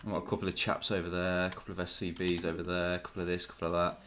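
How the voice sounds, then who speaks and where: A man's voice: low-pitched, little pitch movement, very fast, fairly bright tone, slight background noise. A man streaming a game, narrating his own moves in a jokey, swearing banter. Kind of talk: casual gaming commentary.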